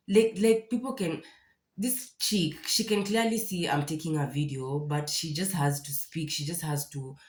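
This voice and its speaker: A woman's voice: sits low, a little mellow. A young Kenyan woman vlogging candidly and emotionally, distressed and near tears, with many restarts. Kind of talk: casual confessional vlog. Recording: echoey room.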